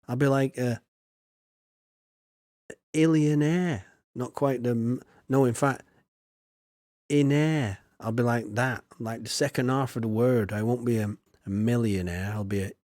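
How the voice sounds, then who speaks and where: A man's voice: medium pitch, a little mellow, no room sound. A man streams a farming game in loose, rambling chat, full of self-mocking asides. His voice sits mid-height for a man. The sound is close and dry, with no room around it. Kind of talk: casual gameplay chat.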